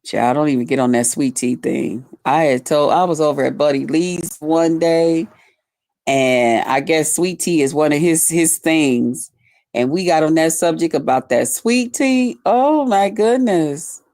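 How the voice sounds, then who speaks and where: A woman's voice: low-pitched, unhurried, a little mellow, no echo, clean studio sound. A middle-aged woman chatting casually on a live stream, folksy and talkative. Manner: chatty, folksy, reads out viewer comments. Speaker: livestream host.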